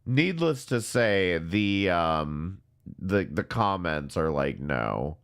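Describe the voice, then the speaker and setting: A man hosting a commentary show, talking in a sarcastic, deadpan way. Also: deep voice, slow pace, smooth. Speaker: commentary channel host. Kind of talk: casual mocking commentary.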